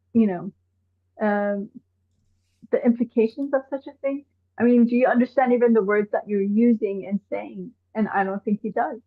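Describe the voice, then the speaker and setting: A woman from Iran, an activist guest on a live online show, talking in an animated way and firing off exasperated rhetorical questions. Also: on the high side. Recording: tinny phone-like call audio.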